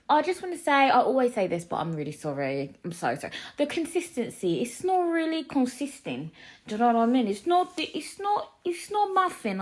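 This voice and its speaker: Chatty woman with a cough. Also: a little high. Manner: chatty, confiding, many restarts and asides. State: lingering cough. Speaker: podcast host. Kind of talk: casual solo podcast chat. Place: mother's living room.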